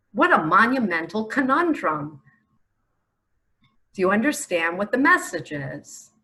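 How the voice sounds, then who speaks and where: A middle-aged woman from New York giving an impassioned religious monologue, emphatic and full of rhetorical questions, with sudden loud bursts. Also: mid-range voice, low-quality recording. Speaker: self-proclaimed messiah preacher.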